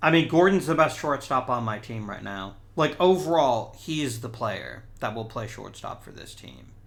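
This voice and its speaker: A man's voice: mid-range voice, animated, normal speed, vocal fry, a bit bright. A man hosting a gaming channel, thinking aloud in casual let's-play commentary and talking to the players on screen.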